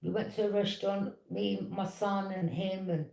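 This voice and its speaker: A woman, telling a personal story in a casual, animated and indignant way, with quick "yeah?" asides. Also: medium pitch, vocal fry. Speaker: tarot reader. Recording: echoey room.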